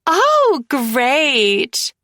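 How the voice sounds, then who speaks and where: A bratty young mafia sister, put on by a woman reading an audiobook, all sarcasm and fake sweetness. Her voice sits high and swings widely as she mocks. The sound is dry and close. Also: wildly swooping pitch, drawn-out words, bright, forceful tone, no room sound, heavily acted. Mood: snarky. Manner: snarky, mocking, gushing.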